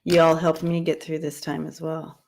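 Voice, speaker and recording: A woman's voice: deep voice, monotone, moderate pace, creaky, a little mellow, a little hiss or hum. A woman hosting a casual livestream reading who chats with viewers, laughs often and stumbles over long words she repeats to get right. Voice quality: dyslexia, repeats hard words. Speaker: livestream tarot reader.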